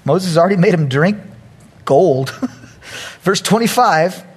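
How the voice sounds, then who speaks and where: A male pastor preaching a sermon, telling a funny story and acting out the quotes loudly. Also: sits high, lively intonation, slow, slightly rough.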